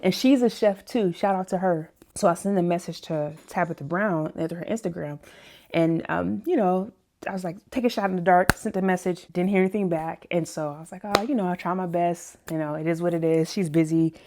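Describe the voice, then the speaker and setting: A woman in her thirties, a personal chef, casually telling a story to her viewers, animated and laughing often. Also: a little fast. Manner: animated, laughs often, acts out other people's lines in a higher voice. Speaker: plant-based personal chef and vlog host.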